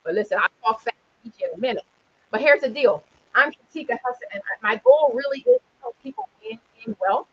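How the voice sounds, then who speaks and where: Her voice fairly high and husky, a Charleston-area retirement planning consultant with a South Carolina accent talks a little fast in an energetic, preachy motivational livestream, frequently checking in with "okay?". The audio sounds dull.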